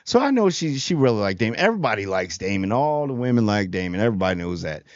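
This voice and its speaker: Male reviewer, low and slangy, rambling; dry, dull-sounding home recording. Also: very animated, fast, no room sound. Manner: rambling, slangy, quoting characters in paraphrase. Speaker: show host reviewing TV. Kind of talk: casual spoiler review.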